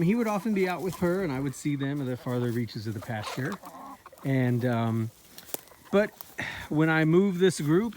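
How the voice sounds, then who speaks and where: Chatty farmer man, lively voice. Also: on the high side. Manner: chatty, talks affectionately to his chickens. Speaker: farmer and video host. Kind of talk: casual walk-and-talk vlog. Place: outdoors in a pasture. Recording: outdoor farm recording with noisy background. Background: chickens clucking and roosters crowing.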